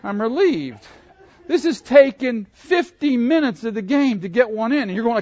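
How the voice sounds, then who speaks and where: A man from Pittsburgh preaching a sermon, animated and asking his listeners questions. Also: very high-pitched, normal speed, dry recording, muffled recording. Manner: animated, asks the audience questions. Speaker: pastor.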